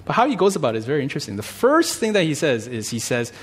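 A male pastor praying, then teaching a Bible passage in a conversational, animated way. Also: fairly high pitch, rapid-fire, husky. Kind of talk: sermon with prayer.

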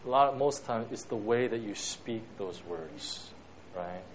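A man's voice: lowish voice, measured pace, slight background noise. A man preaching a conversational sermon, constantly checking in with "right?" and "you know.". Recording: dull lo-fi recording.

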